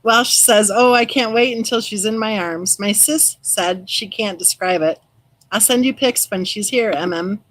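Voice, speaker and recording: A woman's voice: mid-range voice, measured pace, low-quality recording. A middle-aged woman hosting a live stream, reading viewer comments aloud and replying to them by name. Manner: chatty, reads viewer comments aloud and replies warmly by name. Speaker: true crime channel host reading live chat. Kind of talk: casual live-stream chat.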